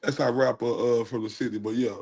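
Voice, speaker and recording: A man's voice: mid-range voice, steady tone, brisk, gravelly, darkish tone, slightly rough. A man from Texas, chatting casually on his livestream, joking and laughing at himself. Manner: laughs at himself, breaks into singing. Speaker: livestream host.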